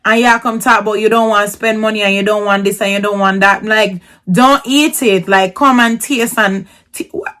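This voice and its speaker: Female vlogger, casual storyteller; slangy, animated, moves between hushed asides and sudden exclamations; mid-range pitch. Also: normal speed, hardly any pauses.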